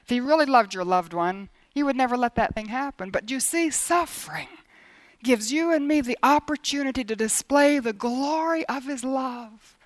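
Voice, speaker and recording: Middle-aged woman preacher, high voice, dry close sound, earnest sermon delivery with hushed asides and repeated phrases. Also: moderate pace, no echo. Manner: earnest, lively, varying between emphatic and hushed.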